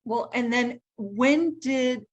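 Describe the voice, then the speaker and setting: A woman's voice: on the high side, takes it slowly, muffled recording. A woman co-hosting a podcast, asking a guest thoughtful, curious follow-up questions. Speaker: podcast co-host. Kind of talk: interview questions.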